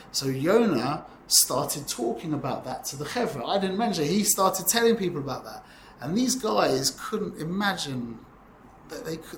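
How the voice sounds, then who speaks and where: A Torah teacher in his forties leads an informal class, his fairly high, slightly bright voice echoing in the room over a faint hiss or hum. He rambles conversationally and keeps checking in with "yeah?"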